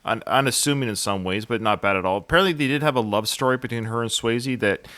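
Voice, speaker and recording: A man's voice: mid-range voice, fast, pushed and bright, no room sound. A man co-hosting a casual film podcast, talking hesitantly with frequent restarts and filler words. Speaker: podcast host.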